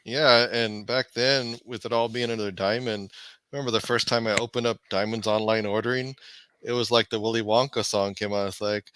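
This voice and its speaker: Bright, rambling male co-host. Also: mid-range voice, fairly even intonation, clear, resonant tone, no echo. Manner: rambling, halting, lots of restarts and fillers. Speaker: former comic shop owner, co-host. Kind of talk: casual live-stream chat.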